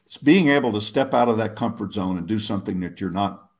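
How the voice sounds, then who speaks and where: A public speaker appearing as a guest answers interview questions with stories, rambling and interrupting himself, often laughing at his own expense. He talks fast in a lowish voice.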